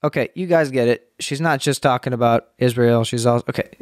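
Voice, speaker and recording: A man commenting on a TV clip at home, sarcastic and profane, jumping into high mocking voices. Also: a little fast, dry recording, clean studio sound. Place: home room. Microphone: home mic being tested.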